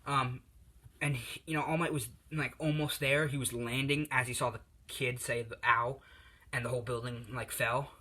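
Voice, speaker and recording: A man's voice: mid-range voice, steady tone, moderate pace, pushed and bright, husky. Rambling man telling a fan story. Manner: rambling, many fillers and restarts. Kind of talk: casual fan-story narration.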